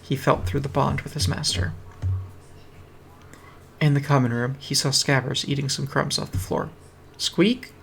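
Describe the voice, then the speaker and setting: Guy reading a story on stream, gravelly voice, middle pitch, dry humor. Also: level tone, moderate pace, pauses often, fairly bright tone, slight background noise. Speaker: reader. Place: home streaming setup. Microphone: streaming mic.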